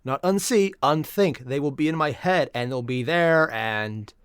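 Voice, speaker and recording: A man's voice: fairly high pitch, measured pace, clean tone, dry recording, clean studio sound. A man hosting a casual reaction video, rambling and repeating himself as he talks through his thoughts.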